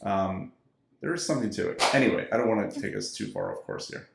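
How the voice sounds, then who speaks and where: A man's voice: fairly low pitch, huge pitch swings, fast talker, gravelly, background noise. A man co-hosting a podcast, enthusiastic and musing in casual chat. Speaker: podcast co-host. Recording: echoey room.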